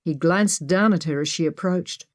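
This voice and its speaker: Woman narrating in a lowish voice. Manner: steady, measured storytelling. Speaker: audiobook narrator. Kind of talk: scripted narration.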